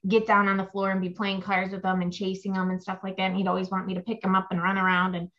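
A woman's voice: medium pitch, monotone, quick pace. A young woman, a mother, talking casually about her babies, rambling with fillers. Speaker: guest mom. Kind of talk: casual chat. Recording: slightly dull lo-fi audio.

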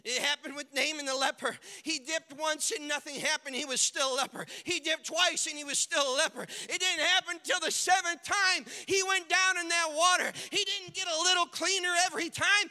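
Male pastor, very high piercing voice, dynamic sermon delivery from whisper to shout, long church reverb. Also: steady tone, brisk, hardly any pauses. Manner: dynamic preaching, swings from hushed to shouting; acts out quoted characters in the stories.

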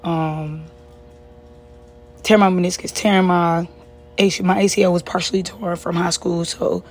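A young woman with a husky, slightly low voice tells a personal story. She talks earnestly and conversationally, trailing off and restarting her sentences often. Her tone is plain and unpolished. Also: fairly even intonation, normal speed, faint music behind.

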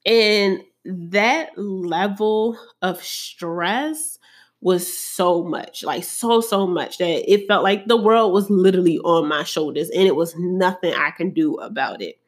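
A woman speaking slowly and unhurriedly, telling her own story straight to her viewers. She sounds earnest and open, with the easy fillers of everyday talk. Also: fairly low pitch. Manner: earnest, emotional, conversational with many fillers. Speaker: vlogger sharing personal story. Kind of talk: candid personal talk to camera.

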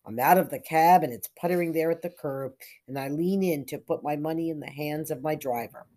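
A woman narrating a literary short story in a measured, lyrical way with soft trailing endings. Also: low-pitched. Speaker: audiobook narrator.

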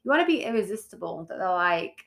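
A woman co-hosting a business podcast in casual chat, blunt and animated, swearing freely. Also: lowish voice, fast talker, creaky, slight background noise. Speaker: podcast co-host, brand builder.

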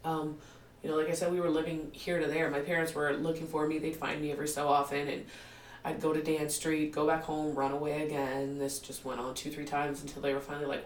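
Her voice is low and a little fast as this guest, a woman in her forties, animatedly shares her life story in a candid interview. She laughs often and performs other people's lines, and the roomy, distant recording carries faint ambience plus a little hiss or hum.

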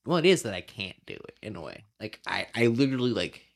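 Rambling, low-voiced young man co-host. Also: big pitch swings, fast, creaky. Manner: loose, rambling, frequent fillers and restarts, swears. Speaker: podcast co-host. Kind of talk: casual chat.

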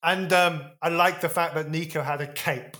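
A man's voice: fairly high pitch, steady tone, moderate pace, sharp tone. A man hosting a podcast, prompting his guest with questions and laughing along. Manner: prompting, easily amused. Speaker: podcast host. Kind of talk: casual interview chat.

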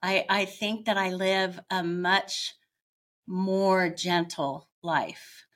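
A middle-aged woman, a podcast guest, telling her own story in a candid, reflective way and pausing often as she searches for words. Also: fairly low pitch, fairly even intonation, a bit bright. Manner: candid, searching, with frequent pauses.

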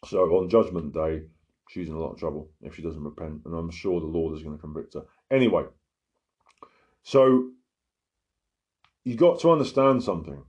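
A man's voice: low-pitched, warm tone, lo-fi sound. A man preaching informally, earnest and emphatic, often checking in with listeners. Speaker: lay preacher giving testimony.

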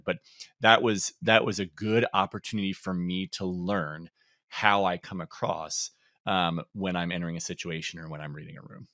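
Low-voiced guy on a podcast, laid back, lots of ums, dry close sound. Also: dry recording. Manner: relaxed, reflective, frequent ums and laughs. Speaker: podcast co-host. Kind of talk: casual chat.

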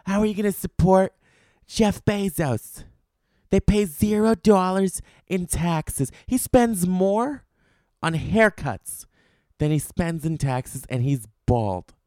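A man mimicking a preachy online critic, his voice lifted a little higher than usual. The scolding comes out mocking and self-righteous, with a dry, close sound. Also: lively intonation, slow pace, darkish tone, no echo.

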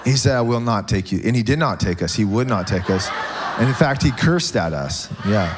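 Animated joking man preaching a sermon. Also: on the low side, normal speed, background noise. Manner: animated, joking with the congregation, frequent "okay?". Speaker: pastor. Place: church.

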